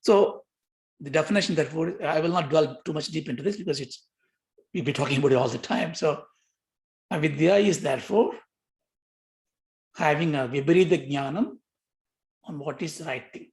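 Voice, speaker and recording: A man's voice: fairly high pitch, normal speed, gravelly, pauses often, a little mellow. Older guy lecturing on yoga sutras, asks questions, repeats himself a lot. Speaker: yoga philosophy teacher.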